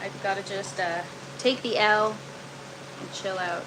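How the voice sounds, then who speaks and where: Woman gardening streamer, casual live chat, groaning and exasperated, slow delivery, noisy stream. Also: mid-range voice. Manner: groaning, exasperated, talks to viewers. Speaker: gardening livestreamer. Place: indoor grow tent. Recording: noticeable steady background noise.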